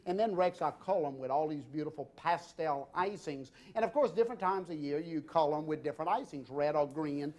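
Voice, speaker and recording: Jovial high-voiced chef. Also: male voice, brisk, few pauses. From Louisiana. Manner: jovial and chatty, jokes with guests and crew, warm banter; loose unscripted delivery with many fillers. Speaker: TV cooking show host and chef. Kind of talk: live cooking demonstration.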